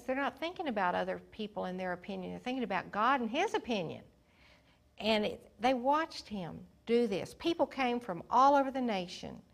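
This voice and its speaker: A woman's voice: medium pitch, gravelly. A woman teaching the Bible in an earnest sermon, often putting questions to her listeners.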